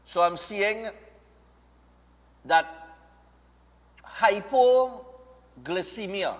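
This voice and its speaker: A man's voice: high-pitched, animated, very slow. A man with a Trinidadian accent hosting a casual talk show and asking questions, often tagging his lines with "right?". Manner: conversational, tags lines with "right?". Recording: reverberant room.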